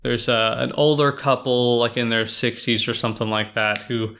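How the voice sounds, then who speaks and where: A man with a bright, forceful voice talks through a book in a relaxed podcast chat. He rambles, circles back and fills gaps with ums and likes as he goes, keeping his pitch in an ordinary middle range. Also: moderate pace. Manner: rambling, filler-heavy retelling. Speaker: library podcast co-host.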